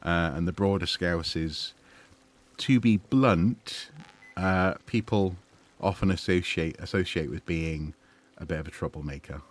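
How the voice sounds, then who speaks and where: Man, gaming streamer, deep voice, rambling commentary, frequent ums and restarts. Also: a little slow. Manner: chatty, digressive, many fillers and restarts.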